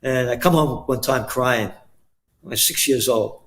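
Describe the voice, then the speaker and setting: A man's voice: mid-range voice, a little slow, a bit bright, slight background noise. An older man from the Bronx with a New York accent, guest-hosting a talk show in a blunt, rambling, emphatic way. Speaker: guest host. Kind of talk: casual talk show chat.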